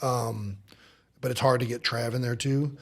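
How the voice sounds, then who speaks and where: A man's voice: medium pitch, fairly even intonation, normal speed, gravelly, breathy edge. A man in his thirties, a podcast guest, chatting casually in long rambling stories, often cutting himself off and laughing. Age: 30s. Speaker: podcast guest, football center. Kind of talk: casual chat.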